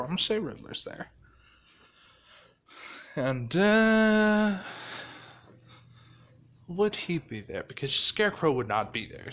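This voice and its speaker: A man's voice: medium pitch, fairly bright tone. A man casually improvising a fan-fiction story, swearing freely and chuckling.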